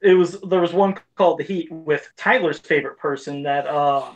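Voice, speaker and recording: Man telling animated stories. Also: on the high side, normal speed, a crowd in the background, rough recording. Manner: animated storyteller who acts out quoted voices. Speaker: podcast co-host. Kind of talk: casual chat.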